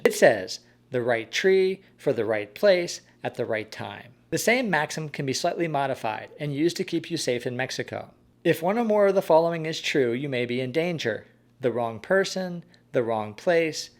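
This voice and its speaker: Male narrator, slightly higher voice, calm measured scripted storytelling. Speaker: host.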